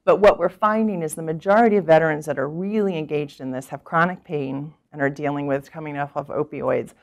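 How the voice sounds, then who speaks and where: A middle-aged woman physician gives a conference talk full of patient stories, animatedly acting out what people said with laughs. Her deep voice moves fairly quickly, and she thinks aloud with frequent restarts and fillers.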